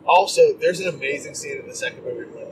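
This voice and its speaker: A man co-hosting a podcast, chatting casually about movies in a rambling, animated way and acting out quotes in mocking voices. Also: on the high side, quick pace. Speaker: podcast co-host. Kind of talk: casual movie-review chat. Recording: distant mic with clear background noise.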